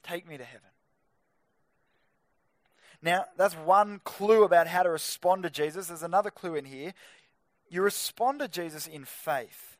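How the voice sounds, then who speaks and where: High-voiced youth preacher. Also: male voice, moderate pace, no echo, studio quality. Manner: energetic, punchy, joking asides to teens. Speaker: youth pastor. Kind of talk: youth group sermon.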